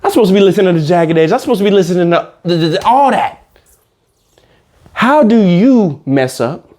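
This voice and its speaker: A man ranting in a comedic reaction commentary, animated, slangy and profane. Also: sits high, brisk.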